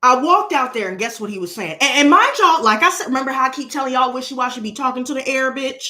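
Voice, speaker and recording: Loud, animated woman telling a story. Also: high-pitched, quick pace. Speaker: tarot reader and channel host. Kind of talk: casual storytime vlog.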